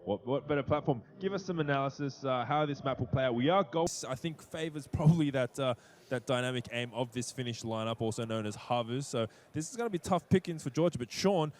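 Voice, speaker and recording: A man commentating a competitive esports match in a loose, chatty manner. He banters and teases his co-caster between calls, his voice sitting in an ordinary middle pitch. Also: fast talker, few pauses. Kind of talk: casual play-by-play commentary.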